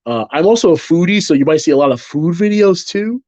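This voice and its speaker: A man talking casually to his viewers in a vlog, rambling with restarts and repeated phrases, and getting animated when he jokes. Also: on the high side, a little fast, no room sound. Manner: animated when joking, mimics people in quotes. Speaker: vlogger.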